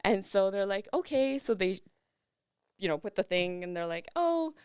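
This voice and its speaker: A woman's voice: mid-range voice, normal speed, smooth, no echo, studio quality. Chatty woman telling her story. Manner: animated retelling with acted quotes and laughs. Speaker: podcast guest. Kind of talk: casual interview storytelling.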